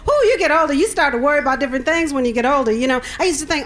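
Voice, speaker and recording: Woman, stand-up comic, sassy, punchy, laughs along, bright tense voice, high pitch. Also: animated, very fast, hardly any pauses. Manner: sassy, punchy, laughs at her own jokes. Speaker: stand-up comedian. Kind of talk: stand-up comedy set.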